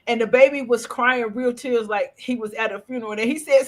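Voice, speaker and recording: A woman co-hosting a casual chat podcast over a video call, telling stories in an animated, expressive way. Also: a little high, a little fast, hardly any pauses. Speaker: podcast co-host.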